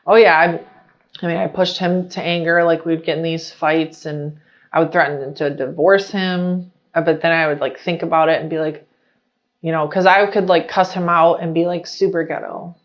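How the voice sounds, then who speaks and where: A young adult woman sharing her personal story in casual talk, chatty and animated, full of fillers as she retells scenes. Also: deep voice, normal speed. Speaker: interviewee.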